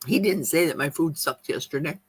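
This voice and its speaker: A woman's voice: low voice, breathy edge, no echo. A woman chatting casually on a live stream, eating as she talks and reading viewer comments aloud in her kitchen. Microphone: streaming mic.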